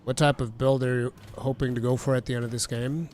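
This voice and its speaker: A man's voice: medium pitch, little pitch movement, fairly quick, a little hiss or hum. A man streaming a game, chatting casually and thinking aloud as he plays. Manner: thanks chat viewers warmly. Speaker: gaming streamer. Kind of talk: casual let's-play commentary.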